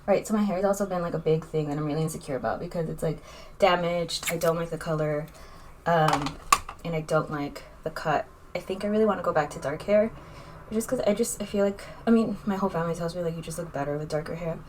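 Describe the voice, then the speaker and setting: A woman's voice: fairly low pitch, fast, darkish tone, a little hiss or hum. A young woman chatting casually in a makeup vlog, rambling and candid, with lots of fillers as she talks. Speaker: vlogger.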